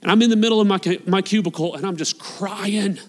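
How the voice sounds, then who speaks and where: A man preaching a sermon as a pastor, passionate and swinging between loud appeals and hushed, quiet lines. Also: sits high, a little fast. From United States. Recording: long hall reverb.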